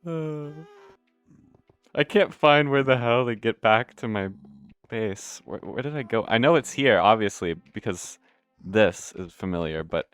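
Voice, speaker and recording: A man's voice: lowish voice, animated, a little slow, a bit bright, smooth, no room sound, faint music behind. A young man hosting a let's play, rambling through casual gameplay commentary, restarting sentences and swearing offhandedly. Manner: meandering, self-interrupting, swears casually. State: hiccuping.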